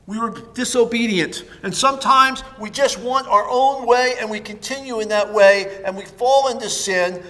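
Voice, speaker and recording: Male pastor, high voice, emphatic sermon, long reverb of a church hall. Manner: emphatic, swings between hushed and loud.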